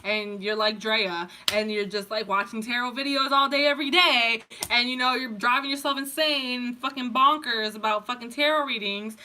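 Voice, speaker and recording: A woman's voice: on the high side, normal speed, hardly any pauses, bright, forceful tone. A woman tarot reader giving a casual pick-a-card reading, rambling, swearing freely and laughing often.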